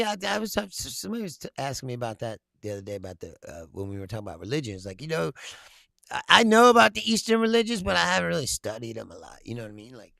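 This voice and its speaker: Gravelly, lively comedic man. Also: medium pitch, dry recording. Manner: profane, laughs often, animated rants. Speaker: host reading viewer comments. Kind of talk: casual political comedy chat.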